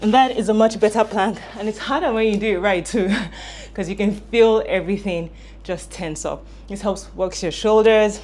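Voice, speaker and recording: A woman with a mid-range, slightly mellow voice coaches home workouts at a moderate pace. She demonstrates exercises while talking, explaining form in a friendly, instructive manner as she becomes out of breath.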